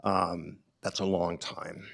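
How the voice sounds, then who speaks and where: A middle-aged man, an author, speaking to an audience at a bookstore event in a reflective, halting way, with frequent ums and restarts. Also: low voice, level tone, gravelly, fairly bright tone.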